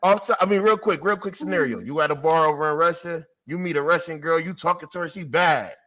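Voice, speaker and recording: A man's voice: on the high side, quick pace, bright, forceful tone. A man co-hosting a podcast in casual chat, playful and teasing. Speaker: podcast co-host.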